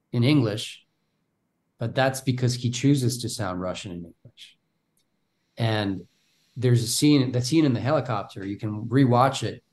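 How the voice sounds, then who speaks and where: A man's voice: medium pitch, a little mellow. A man from Bulgaria, an actor giving an interview in casual conversation, speaking animatedly and often repeating words as he starts his thoughts. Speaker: actor guest.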